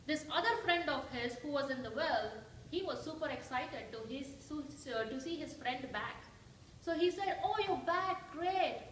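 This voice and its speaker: Telling a story and questioning the congregation, a woman gives a devotional talk as a church's guest speaker. Her voice is high and a bit bright at normal speed, and the distant recording of the echoey hall carries slight background noise.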